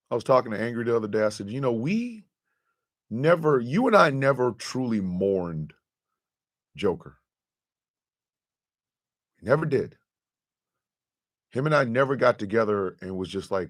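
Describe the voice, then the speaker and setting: A man hosting his show, talking to his audience in an impassioned, profane monologue that swings from quiet confession to loud outrage. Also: mid-range voice, very animated, unhurried, long pauses.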